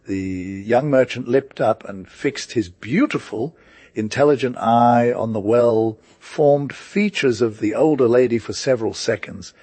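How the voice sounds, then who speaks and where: A man narrating an audiobook with a steady, unhurried reading. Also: mid-range voice, no room sound.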